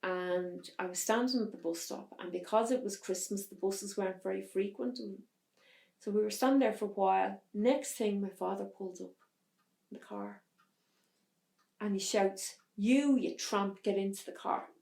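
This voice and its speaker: A woman telling a hard personal story as an interview guest, in a halting way with restarts. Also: mid-range voice, vocal fry, mellow, roomy sound. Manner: halting, restarts under strain. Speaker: podcast guest.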